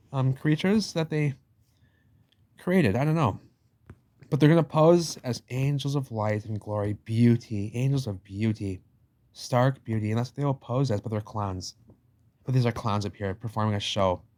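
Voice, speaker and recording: A man's voice: mid-range voice, a little mellow. A man giving a rambling, emphatic commentary over book pictures, repeating himself, swearing casually and using slangy asides. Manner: slangy, addresses listener as "baby". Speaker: channel host.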